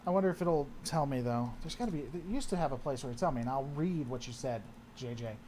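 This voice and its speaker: A man's voice: medium pitch, lively intonation, fast talker, a little mellow, a little hiss or hum. Rambling man chatting on a livestream. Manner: rambling, trails off and restarts mid-sentence. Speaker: livestream host answering chat. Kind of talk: casual livestream chat.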